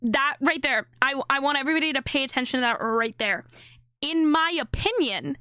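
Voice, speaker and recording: High-pitched woman streamer reacting to a video, blunt and cussing, dry close mic. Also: quick pace, bright, forceful tone, clear, resonant tone, no room sound. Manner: blunt, indignant, swears freely. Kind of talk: live reaction commentary.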